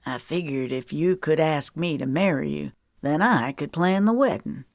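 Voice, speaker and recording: A woman reading the part of a loving former Navy SEAL husband, speaking softly and low in a murmur. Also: moderate pace, vocal fry, no room sound, clean studio sound. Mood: tender. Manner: soft-spoken, low and murmuring.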